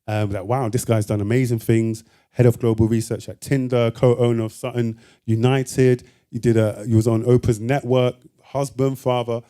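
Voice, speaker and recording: A man's voice: mid-range voice, mellow. A man hosting a sit-down interview, attentive and asking open questions. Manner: attentive, frequent short affirmations. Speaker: interviewer host. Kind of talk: conversational interview.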